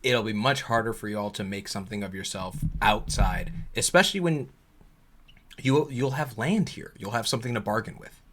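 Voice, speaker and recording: A man voicing a calm, welcoming woman who reassures newcomers. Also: fairly low pitch, normal speed, slight background noise, lightly acted. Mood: earnest.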